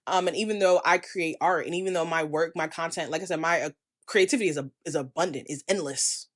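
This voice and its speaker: A young woman from the United States talking straight to her camera in a candid vlog. She speaks in a slightly low voice and rants with passion. She leans on quick asides for emphasis. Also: a bit bright. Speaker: creator and vlogger.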